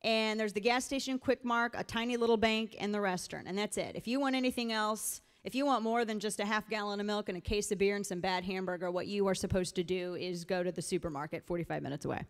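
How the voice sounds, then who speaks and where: A woman's voice: mid-range voice, fairly even intonation, fast, hardly any pauses, clean tone. A middle-aged woman from the Missouri Ozarks giving an emphatic, storytelling speech at a political rally in a large event hall. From rural Missouri Ozarks. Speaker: political speaker. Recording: live hall with long reverb.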